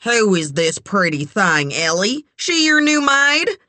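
A woman voicing a crude, drunk man in his forties who talks loudly and leeringly. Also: mid-range voice, sing-song, slow pace, dry recording, pitched above the performer's own voice, heavily acted.

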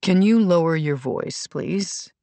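A woman narrating an audiobook voices a smooth, controlling male personal trainer who talks calmly and patronizingly. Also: fairly low pitch, takes it slowly, no room sound, exaggerated voice. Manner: calm, soothing, condescending.

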